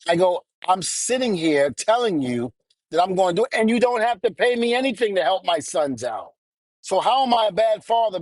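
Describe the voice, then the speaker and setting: A man's voice: sits high, no room sound. A middle-aged man telling a story in a heated rant as a podcast co-host, blunt and cursing, acting out what others said. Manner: angry, blunt, curses, quotes people.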